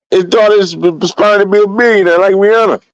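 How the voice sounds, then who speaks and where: A man cutting in on a casual talk show with animated, teasing remarks. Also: high voice, fast talker, highs cut off.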